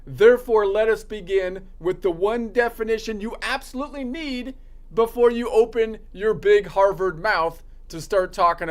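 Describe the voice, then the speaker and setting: A man practicing stand-up jokes in a sarcastic, ranting delivery, slipping into mocking voices for the people he quotes. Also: sits high.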